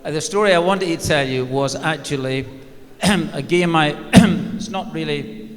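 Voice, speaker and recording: A man's voice: fairly high pitch, a little slow, a bit bright. An older man, a former football manager, telling a wry, self-mocking anecdote on stage at a live event, with many fillers. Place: large arena at a live event. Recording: long reverb of a large hall.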